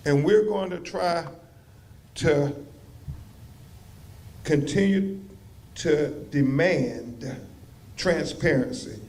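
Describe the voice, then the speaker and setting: A man, an attorney, giving a measured public speech in a preacherly style. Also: fairly high pitch, darkish tone. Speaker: attorney speaking at a rally.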